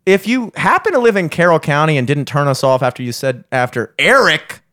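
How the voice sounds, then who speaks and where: A man's voice: a little high, big pitch swings, a little fast, bright, forceful tone, dry recording, clean studio sound. A young man, a podcast host plugging his gigs in profane, joking, rambling banter. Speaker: podcast host and gigging musician.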